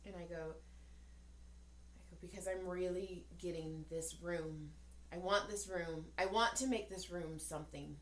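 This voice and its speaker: A woman's voice: lowish voice, fairly even intonation, measured pace. A woman in her forties, a podcast co-host, tells a story in casual chat, acting out the voices of the people in it and swearing freely. She sounds tired. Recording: echoey room.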